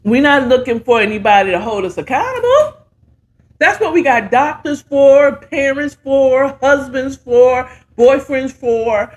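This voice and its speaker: A woman's voice: sits high, measured pace. A middle-aged woman giving casual, sassy, playful commentary while reviewing a talk show.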